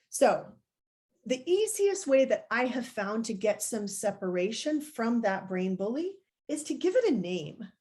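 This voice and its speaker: Woman coach, slightly high voice, unhurried, encouraging, talking to a live-stream audience. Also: darkish tone. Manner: encouraging, conversational, demonstrates with gestures. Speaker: life coach.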